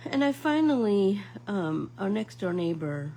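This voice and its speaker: A woman's voice: medium pitch, big pitch swings, a little slow, dark tone, slight background noise, low-quality recording. A middle-aged woman hosting a casual live painting class, chatting to viewers like friends and rambling through stories. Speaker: art class host.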